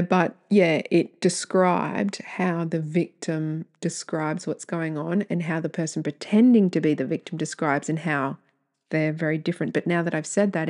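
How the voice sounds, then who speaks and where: On her own podcast, a woman with a low, slightly mellow voice reads out listener emails. Her commentary is candid and blunt, full of free swearing and rambling asides where she corrects herself.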